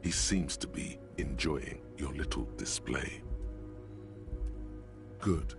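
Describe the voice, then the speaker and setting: An actor voicing the sardonic inner voice of a detective's mind as game narration. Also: male voice, very deep voice, expressive, slow pace, gravelly, music in the background, heavily acted.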